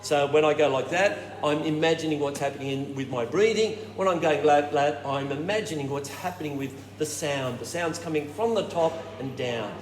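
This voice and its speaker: A man leading a choir warm-up workshop, explaining technique and showing it with hums and falsetto sounds. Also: moderate pace, few pauses. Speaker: choir director. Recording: roomy hall with reverb and noise.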